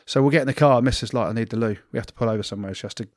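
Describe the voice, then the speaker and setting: A man's voice: mid-range voice, racing, no echo, clean studio sound. A man cohosting a podcast, telling a self-mocking story in casual banter and laughing often. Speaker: podcast co-host.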